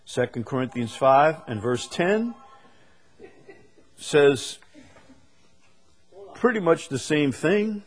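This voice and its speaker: A man preaching a sermon, reading scripture slowly and building to sudden emphatic rises on key words. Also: on the high side, very animated. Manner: slow deliberate delivery with sudden emphatic rises; reads scripture aloud in slow stretched phrases.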